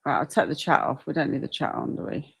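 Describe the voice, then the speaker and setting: A woman's voice: deep voice, fast, creaky, fairly bright tone, slightly rough, dry recording. A woman hosting a casual livestream, chatting and reacting aloud to viewer comments at her desk mic. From United Kingdom. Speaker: livestream host.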